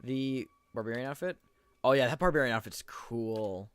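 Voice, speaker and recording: A man's voice: medium pitch, moderate pace, clean tone, no echo. A man hosting a casual let's-play, chatting to viewers with many stumbling restarts and reading game text aloud. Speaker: gaming video host.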